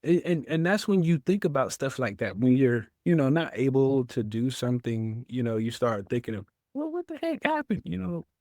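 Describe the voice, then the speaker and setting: A man's voice: medium pitch, expressive, normal speed, few pauses, mellow, no room sound, clean studio sound. A man, a veteran guest telling his story in an interview, acting out his own past words.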